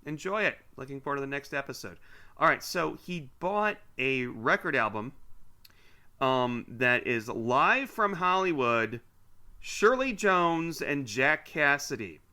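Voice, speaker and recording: A man's voice: medium pitch, animated, a little slow, sharp tone. A man co-hosting a podcast, chatting casually and teasingly as he reads listener mail aloud with asides. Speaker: podcast co-host.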